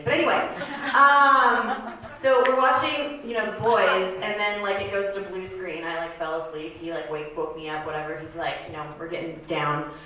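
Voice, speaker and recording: A woman of thirty doing a stand-up comedy set on a club stage, rambling and deadpan, with plenty of filler words. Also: fairly low pitch, a little hiss or hum. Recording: echoey club room from far off.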